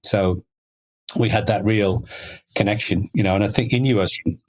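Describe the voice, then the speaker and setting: Brief: middle-aged man, lowish voice, chatty interview guest, loose and rambling. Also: normal speed. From Liverpool, England. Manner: rambling, many "you know" fillers. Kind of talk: conversational storytelling.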